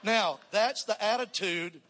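Brief: energetic male preacher, high ringing voice, sermon in a big echoing sanctuary. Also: slow pace. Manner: energetic, calls for congregational response. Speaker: pastor. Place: church sanctuary. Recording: long reverb in a church hall.

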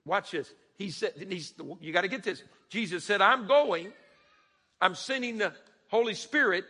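Male preacher with a high, forceful voice and a husky edge, in a church hall with long reverb. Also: moderate pace. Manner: preaches with dramatic rising questions and sudden soft drops. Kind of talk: sermon.

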